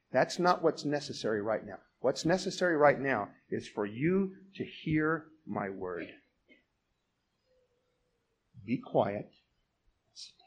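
Preacher voicing a gentle, firm teacher. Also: male voice, slight background noise. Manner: soft, low, measured. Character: gentle but firm male teacher rebuking kindly. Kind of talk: sermon.

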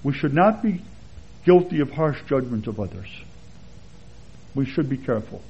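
A man giving a conversational expository sermon as a Bible teacher, relaxed and chatty, with anecdotes and chuckles along the way. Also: mid-range voice, moderate pace, husky. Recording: dull lo-fi sermon recording.

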